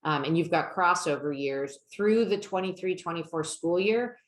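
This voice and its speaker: A woman's voice: lowish voice, normal speed, roomy sound. A woman presenting a webinar on college financial aid. She explains in a conversational way and keeps checking in with her listeners by asking "right?".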